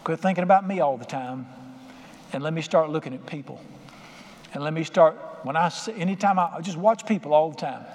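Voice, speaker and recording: His pitch fairly high and his tone somewhat dark, an older male pastor preaches briskly in a church sanctuary. The sermon feels folksy and conversational, with quotes acted out in plain voices, recorded in an echoing hall with faint background ambience.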